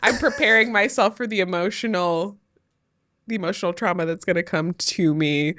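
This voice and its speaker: A woman's voice: lowish voice, normal speed, fairly bright tone, no echo, studio quality. A woman co-hosting a casual comedic chat, self-mocking and playing up mock outrage. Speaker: podcast co-host, teacher.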